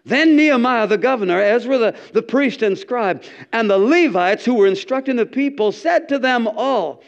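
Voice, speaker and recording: A middle-aged male pastor preaching a sermon in an animated, folksy storytelling manner with repeated restarts. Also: very high-pitched, normal speed, gravelly, few pauses. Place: church. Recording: dull lo-fi recording.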